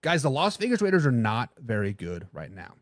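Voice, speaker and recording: Hosting a live sports talk stream, this man talks a little fast in a mid-range voice, with studio-quality sound and no echo. Blunt takes and replies to chat viewers fill his talk, and excitement makes him trip over and repeat words.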